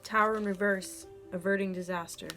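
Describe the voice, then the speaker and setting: A woman's voice: mid-range voice, fairly even intonation, brisk, over music. A woman giving a collective tarot reading, earnest and emotional, encouraging her viewers directly. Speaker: tarot reader.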